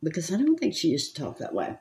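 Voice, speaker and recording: Older woman with a Southern twang, lowish voice, gossipy makeup chatter. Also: huge pitch swings, fast talker, mellow. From California. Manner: chatty, gossipy, rambling with frequent laughs. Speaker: makeup vlogger. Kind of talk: casual chat while doing makeup.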